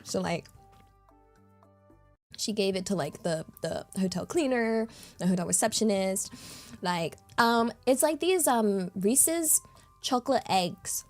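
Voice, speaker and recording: Young British woman, chatty and giggly livestream host, mid-pitched voice over faint background music. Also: lively intonation, slow, long pauses. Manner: chatty and giggly, full of fillers. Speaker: streamer. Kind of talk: casual chat.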